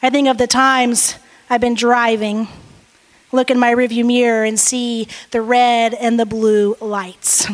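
A woman pastor in her forties, praying and preaching a sermon with earnest, lively storytelling. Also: a little high. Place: church sanctuary. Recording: reverberant church hall.

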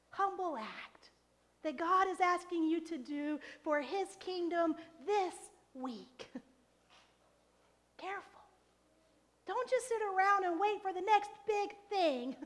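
A woman preaches a sermon with a very high voice. She speaks slowly and deliberately, often dropping to a near whisper before rising into fiery, impassioned exhortation. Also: expressive. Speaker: pastor.

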